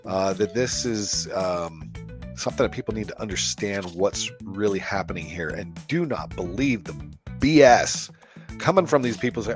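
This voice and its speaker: Male podcast host, casual chat, swearing, laughing, lively swooping pitch. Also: moderate pace, soft background music. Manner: profane, blunt, laughs often.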